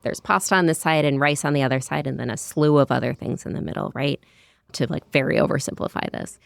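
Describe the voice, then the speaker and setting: Talking fast in a low, creaky voice, an American woman in her thirties who writes cookbooks gives a conversational interview. The studio-quality recording has no room sound, and her vivid descriptions are peppered with "like" and "you know."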